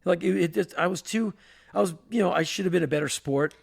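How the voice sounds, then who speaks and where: A man co-hosting a podcast, telling a story in an animated way and acting out voices and sounds. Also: sits high, fast talker, vocal fry, breathy edge. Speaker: podcast co-host. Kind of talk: storytelling in casual chat.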